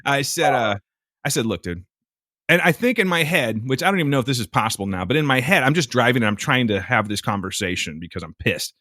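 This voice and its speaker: Quick-paced and mid-range in pitch, a male podcast co-host spins an animated, exasperated yarn packed with swearing. The sound is dry and clean, like a studio.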